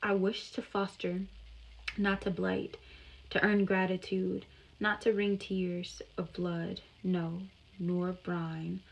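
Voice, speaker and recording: A woman reading aloud the lines of a brooding male gentleman disguised as an old fortune-teller, in a slow, dreamy delivery. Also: on the low side, flat delivery, poor audio. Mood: wistful.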